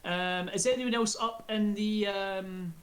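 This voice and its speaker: A man runs a tabletop role-playing session as game master. He narrates in a relaxed, chatty way, with plenty of ums and small restarts. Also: high-pitched, slow pace.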